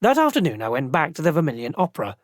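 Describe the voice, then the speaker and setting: An audiobook narrator telling the story as a thoughtful male prelate, in measured, expressive narration. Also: a little high, no room sound. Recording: dry close studio sound.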